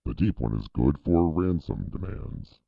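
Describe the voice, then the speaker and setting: A man speaking through a deep pitch-shift effect that turns his voice into a monster. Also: expressive, unhurried, gravelly, no room sound, narrow, tinny audio, exaggerated voice. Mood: playful. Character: deep gravelly male monster voice. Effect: deep pitch-shift voice filter.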